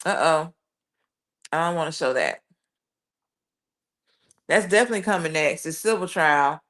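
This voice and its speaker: A woman's voice: deep voice, lively intonation, fairly bright tone. A woman hosting a live stream, reading viewer comments aloud and answering them in a chatty, casual way. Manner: chatty, reads comments aloud with quick reactions. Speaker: livestream host reading chat.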